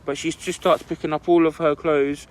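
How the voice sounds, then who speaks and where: A man's voice: a little high, flat delivery, normal speed. Young man rambling through a story. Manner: rambling, full of "like" fillers. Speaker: podcast co-host telling a story. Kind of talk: casual storytelling chat.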